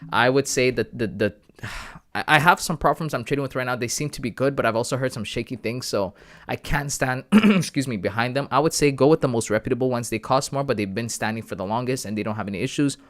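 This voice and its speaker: A man from Canada hosting a casual live stream. He chats with his viewers in a relaxed, friendly way about his trading, often calling them bro and man. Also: medium pitch, fast. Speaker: livestream host sharing trading analysis.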